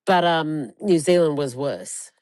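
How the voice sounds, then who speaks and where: Woman in her forties, casual chat host, blunt and profane, lower-pitched for a woman, dry close sound. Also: animated, slow, darkish tone, no echo. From Australia. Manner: heavily profane, emphatic storytelling.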